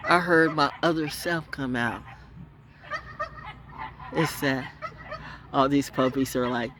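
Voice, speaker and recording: A woman storyteller rants straight to her camera with a very lively, swooping pitch. She lurches from loud, high outbursts down to low, muttered asides, cursing freely as she goes. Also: normal speed, long pauses, background noise. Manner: profane, swinging from loud highs to low mutters. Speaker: online storyteller and broadcaster. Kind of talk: unscripted ranting monologue.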